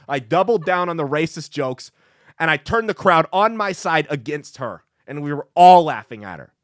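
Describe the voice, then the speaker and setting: A man's voice: fairly high pitch, dry recording, studio quality. A man hosting a podcast, delivering a brash, emphatic opinion monologue full of crude jokes. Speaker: podcast host and comedian.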